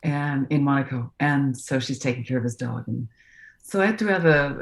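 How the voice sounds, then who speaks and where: Low-voiced woman on an echoey call. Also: moderate pace. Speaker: voice actress, interview guest. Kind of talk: casual video-call interview. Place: in England. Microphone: video call.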